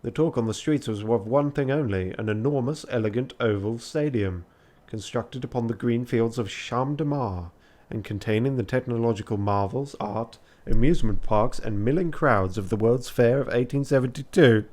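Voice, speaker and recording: A man's voice: mid-range voice, normal speed, few pauses, darkish tone. A tired man reading a text adventure aloud late at night on a charity stream, with joking asides.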